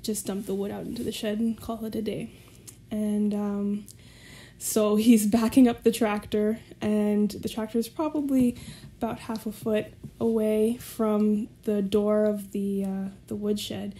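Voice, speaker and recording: A woman's voice: medium pitch, level tone, measured pace, dark tone. A woman guest telling a personal story in a casual way, often laughing as she talks. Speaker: podcast guest.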